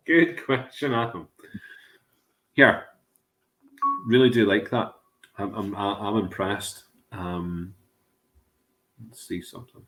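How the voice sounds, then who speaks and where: A man's voice: lowish voice, slow, long pauses. Chatty man hosting a video tasting. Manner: chatty, excitable, jokey. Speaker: host of an online whiskey tasting. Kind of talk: casual chat. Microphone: video call.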